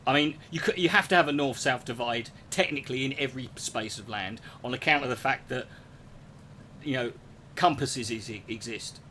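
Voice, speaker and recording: A man's voice: medium pitch, normal speed, bright, forceful tone, a little hiss or hum. A man, ranting casually to his chat, sweary and sarcastic. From England. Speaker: streamer answering chat. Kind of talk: casual profane rant.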